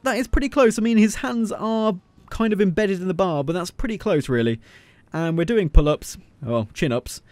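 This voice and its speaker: A man narrates his gameplay in a playful, joking way, poking fun at what the character does. His voice sits a little high and swings up and down with lots of animation. The recording is dry and close, with no room sound. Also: a little mellow, no echo. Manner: playful and jokey, teasing the character on screen. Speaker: gaming video creator. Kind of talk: casual gameplay commentary.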